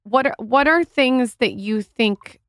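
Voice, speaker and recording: A woman co-hosting a podcast, asking thoughtful, measured interview questions. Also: a little high, fairly bright tone, dry recording, studio quality. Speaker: podcast co-host.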